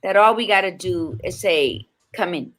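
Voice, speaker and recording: A woman co-hosting a podcast over a video call from a hotel room, telling stories in animated casual chat with the odd swear. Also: lowish voice, normal speed. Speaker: podcast co-host.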